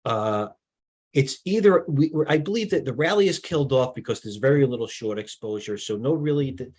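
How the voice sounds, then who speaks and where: Rambling husky man talking markets. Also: mid-range voice, expressive, fairly quick, darkish tone, rough recording. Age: middle-aged. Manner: rambling, muttering asides, restarts. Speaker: stock market live-stream host. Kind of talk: off-the-cuff market commentary.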